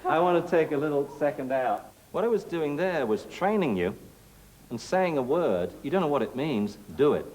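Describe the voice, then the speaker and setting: A man's voice: a little high, sing-song, moderate pace, a little mellow, a little hiss or hum, rough recording. A middle-aged man, a dog trainer demonstrating to a class in a teasing, playful way and laughing often.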